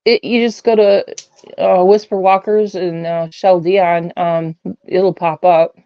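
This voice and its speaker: A woman's voice: on the low side, slow pace, clear, resonant tone, no echo. Rambling woman, dull lo-fi call. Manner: rambling, animated retelling with many fillers. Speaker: guest. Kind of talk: casual storytelling on a call-in show.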